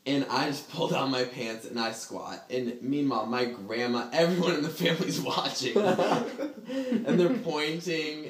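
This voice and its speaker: A man's voice: a little high, normal speed. Casual male storyteller, rambling and laughing, fillers galore, roomy echo. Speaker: storyteller in a group chat. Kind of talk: casual chat.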